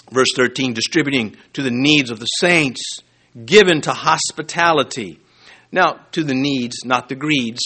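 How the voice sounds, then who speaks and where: A pastor preaching an expository sermon in a conversational way, with humor and asides to the congregation. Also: male voice, a little high, a bit bright.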